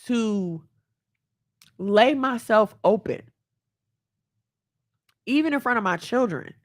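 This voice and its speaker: A woman's voice: on the high side, expressive, takes it slowly. A woman in her thirties hosting a podcast, talking candidly and with emotion to her listeners about family and self-love. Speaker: podcast host. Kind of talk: personal talk to listeners.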